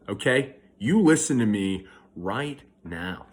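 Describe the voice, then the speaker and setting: A man's voice: mid-range voice, very animated, takes it slowly, hardly any pauses. A young man telling a rambling, self-correcting story in a casual monologue, filmed outdoors at a park. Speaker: vlogger.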